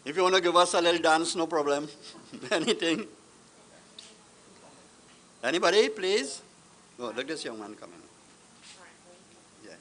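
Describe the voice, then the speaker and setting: Soft-spoken man hosting a funeral. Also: a little high, animated, unhurried, long pauses. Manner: soft, easygoing, coaxing. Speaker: funeral service host and singer. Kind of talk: hosting a memorial open session. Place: funeral gathering at a family home.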